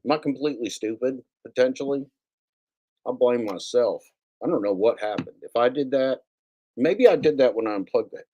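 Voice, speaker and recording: A man's voice: medium pitch, expressive, normal speed, warm tone. A man hosting his own livestream, rambling casually with frequent swearing and self-mocking repeats. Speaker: livestream host. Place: home setup with computer.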